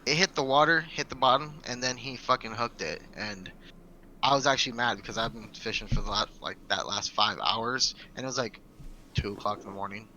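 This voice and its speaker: A man's voice: medium pitch, a little fast, sharp tone, slight background noise. A man co-hosting a podcast, chatting casually and telling rambling stories. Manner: rambling, laid-back storyteller. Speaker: podcast co-host. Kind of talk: casual chat.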